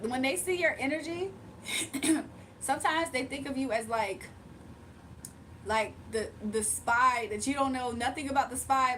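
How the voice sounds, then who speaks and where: A chatty woman livestreamer talks casually to her viewers, reading their messages aloud and laughing often. Her voice sits fairly high and a little away from the mic, with a faint noise underneath. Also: a bit bright, far from the mic.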